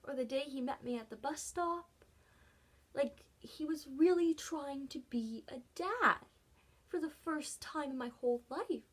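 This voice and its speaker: Speaking in a high voice, a woman recounts her personal story in an unscripted vlog. She sounds emotional and halting, frequently slipping into a soft, breathy voice during the pauses.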